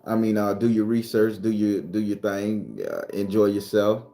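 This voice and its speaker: A man's voice: fairly low pitch, normal speed, warm tone. Man, casual live-stream host, rambling, profane, roomy echo, faint music. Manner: loose, rambling, profane, talks to viewers.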